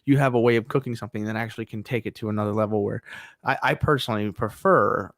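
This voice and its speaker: Gravelly low man holding forth. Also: fast talker, a bit bright, no echo, clean studio sound. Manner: opinionated, lecturing in long run-on sentences. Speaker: podcast co-host. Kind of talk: casual chat.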